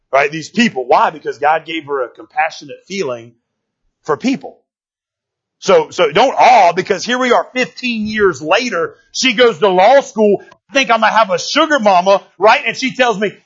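High-voiced man preaching casually. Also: lively intonation, moderate pace, a bit bright, slightly rough, highs cut off. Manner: conversational, keeps asking "right?"; folksy, joking slang. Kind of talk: casual sermon. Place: church.

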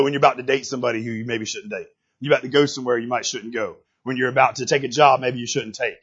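A man's voice: medium pitch, fairly bright tone, husky, highs cut off. A man preaching a sermon in a casual, emphatic way, often repeating and restarting his words.

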